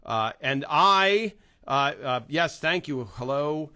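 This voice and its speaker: A man's voice: a little high, animated, slow pace, pushed and bright, clear, resonant tone, no echo, studio quality. A middle-aged man from New Jersey hosting a casual livestream, greeting viewers one by one with many fillers. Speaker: host.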